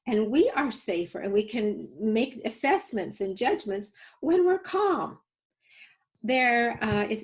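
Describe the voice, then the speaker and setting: Earnest and story-driven, a woman safety educator coaches her webinar audience through exercises and live demos over a video call. Her voice is medium-pitched and a little mellow. The recording is rough.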